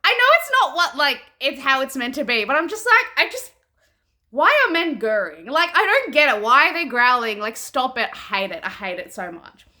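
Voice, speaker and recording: A young woman reviewing a book in casual chat, frank and animated, peppering her talk with "like" and the odd swear. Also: high-pitched, normal speed. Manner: animated and chatty, heavy use of "like".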